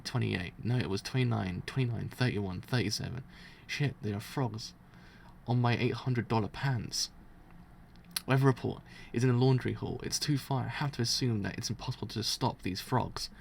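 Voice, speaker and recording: A man voicing a cold, scheming male priest villain while reading a manga aloud, muttering and counting prime numbers to steady himself. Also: medium pitch, gravelly, a little hiss or hum, close to an everyday voice.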